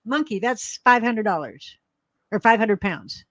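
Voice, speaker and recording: A fairly high-pitched, animated woman speaks at a measured pace, with no echo. Hailing from Alabama and carrying its accent, she co-hosts a livestream, rambling in casual chat, laughing often and swearing occasionally.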